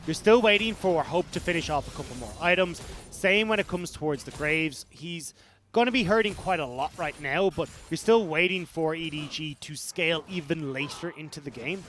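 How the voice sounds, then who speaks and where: An Irish man breaking down an esports match as co-caster, his voice sitting high for a man. He laughs often and teases his partner, with a faint hiss of noise under the mic. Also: normal speed, a bit bright. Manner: laughing, teasing banter. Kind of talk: analytical colour commentary.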